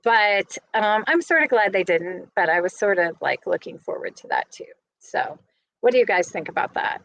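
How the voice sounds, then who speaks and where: A woman's voice: mid-range voice, very animated, normal speed, gravelly, a bit bright, dry recording, rough recording. A woman vlogger chatting to her viewers in a casual, gushing, rambling recap. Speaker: vlogger host.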